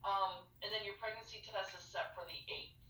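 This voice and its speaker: A woman nurse explains a medication calendar step by step in a bright, crisp voice, checking in after each point. The sound comes through a video call, echoey and a little far from the mic. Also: mid-range voice, little pitch movement, a little fast. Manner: patient, step-by-step, checks understanding with "okay?". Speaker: fertility nurse.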